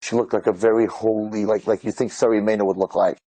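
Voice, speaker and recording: A man, retelling stories in an excited, rambling way, mixing in Hebrew and Yiddish words. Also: lowish voice, fast. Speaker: speaker telling inspirational stories. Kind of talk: animated storytelling talk.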